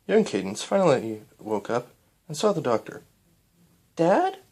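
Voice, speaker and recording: Storybook reading, casual, lively intonation, self-corrections. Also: mid-range voice, moderate pace. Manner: stumbles and corrects themselves. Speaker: reader of fan fiction.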